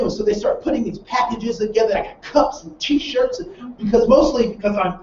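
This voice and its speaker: A man with a high voice leads a training session in a roomy space. He talks like a storyteller and keeps putting rhetorical questions to his listeners. He sits back from the mic, and the sound is dull with faint noise underneath. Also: fairly quick, a little mellow, distant mic. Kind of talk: training seminar talk.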